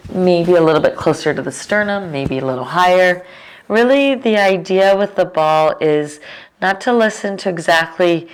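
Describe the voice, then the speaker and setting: A woman teaching a restorative yoga class, giving calm, unhurried cues with casual fillers. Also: low voice, slight background noise. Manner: slow, calm cueing with fillers. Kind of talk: guided yoga instruction.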